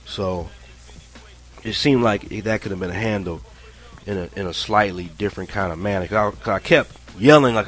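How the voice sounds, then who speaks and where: Man, lowish voice, loose profane storyteller full of restarts. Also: moderate pace. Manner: profane, rambling, animated retelling with many restarts. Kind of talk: casual spoken personal story.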